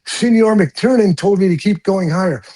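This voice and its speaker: A man's voice: high-pitched, moderate pace, dark tone, voice pushed up. Older man putting on a polite crew worker. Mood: defensive.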